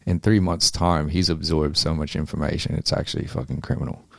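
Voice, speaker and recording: A man's voice: extremely low pitch, level tone, fairly quick, gravelly, no echo. A man chatting casually as an interview guest, laid-back and rambling, with frequent ums and swearing. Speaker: amateur boxer, interview guest. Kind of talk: casual chat.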